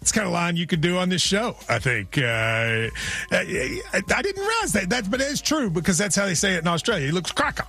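A man's voice: sits high, very animated, vocal fry, pushed and bright. A man hosting a sports radio show, talking casually with a wry, teasing manner. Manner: wry, teasing, quick to laugh.

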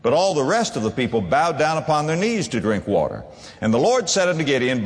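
A man preaching a sermon as pastor, emphatic, swinging between low and high. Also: sing-song, fairly quick, big-room sound.

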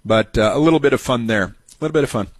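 A man's voice: medium pitch, rapid-fire, no echo. A man hosting a talk radio show, delivering a rambling, sarcastic monologue full of fillers and restarts.

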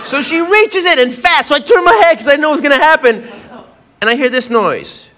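High-voiced animated male stand-up comic. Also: fairly quick. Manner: animated storytelling with acted-out quotes and shouts. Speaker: stand-up comedian. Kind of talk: stand-up comedy routine. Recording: live club with loud crowd noise.

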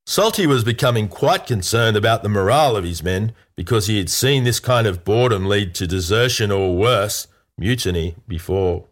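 A man with a fairly low voice reads a comic pirate yarn aloud. His delivery is playful and tongue-in-cheek, in the manner of a scripted storybook narration.

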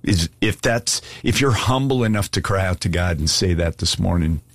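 A man's voice: low voice, lively intonation, normal speed. A man preaching an earnest, pleading sermon and asking listeners to give their lives to Jesus. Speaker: pastor. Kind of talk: sermon altar call.

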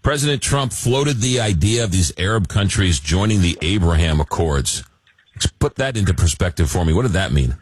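A man's voice: sits low, lively intonation, normal speed, slightly rough. A man hosting a late-night radio talk show, interviewing guests and wrapping up segments.

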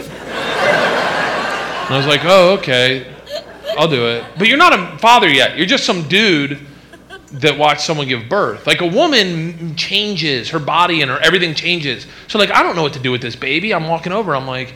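A man's voice: on the high side, expressive, moderate pace. A young man, a father, doing stand-up and telling a rambling story full of "like". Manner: rambling, filler-heavy storytelling with lots of "like". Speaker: stand-up comedian. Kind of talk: stand-up comedy routine. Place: comedy club stage. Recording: live club recording with background noise.

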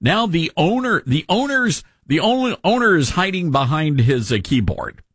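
A man's voice: a little high, very animated, normal speed, fairly bright tone, husky, dry recording. A man hosting a talk radio show, giving mocking, sarcastic commentary into a studio microphone.

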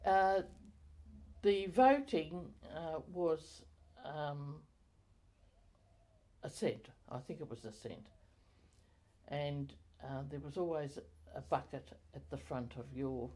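An older woman recalling her community life in an oral history interview, halting with many fillers and self-corrections. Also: low voice, warm tone.

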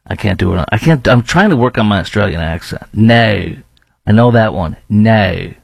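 A man hosting his own podcast, giving animated, mocking commentary and laughing between remarks. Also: fairly low pitch, normal speed, gravelly, no room sound. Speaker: podcast host. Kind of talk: opinionated commentary.

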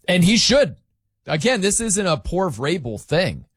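Animated, emphatic male sports talk host. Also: high voice, measured pace, husky, no room sound, clean studio sound. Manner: animated, emphatic, rambling with restarts. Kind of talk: opinionated sports commentary.

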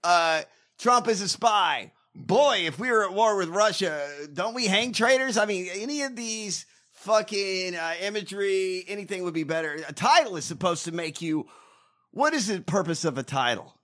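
A man on a podcast, riffing in a rowdy, profane rant. His voice sits a bit high, bright and tense, swinging widely in pitch as he mocks and rails. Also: expressive, normal speed. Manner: rowdy, ranting, mocking. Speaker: podcast co-host. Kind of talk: casual profane political banter.

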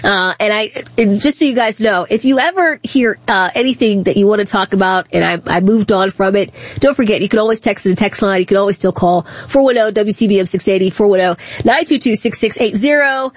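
A woman's voice: medium pitch, brisk, few pauses, no room sound. A woman hosting a talk radio show, telling a story in a chatty way. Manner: chatty, storytelling, laughs easily. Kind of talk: casual talk radio monologue. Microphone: studio microphone.

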